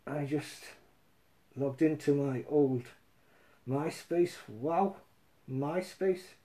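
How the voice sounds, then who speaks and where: A man's voice: on the high side, mellow. Rambling man chatting loosely. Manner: rambling, chatty, quick asides. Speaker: musician. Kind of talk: casual chat and singing with guitar.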